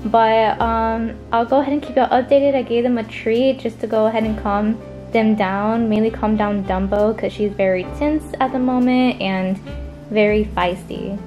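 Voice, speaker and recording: Young woman vlogger, tired and chatty, slightly high voice, faint music behind. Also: steady tone, darkish tone, muffled recording. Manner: chatty, drawn-out fillers. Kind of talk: casual vlog updates.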